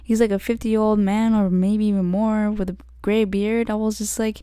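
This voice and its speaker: A woman's voice: mid-range voice, little pitch movement, normal speed, hardly any pauses, warm tone, clear, resonant tone, no room sound, studio quality. A young woman hosting her podcast, telling a story in a rambling casual way, full of "like" and frequent restarts. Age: young adult. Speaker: podcast host.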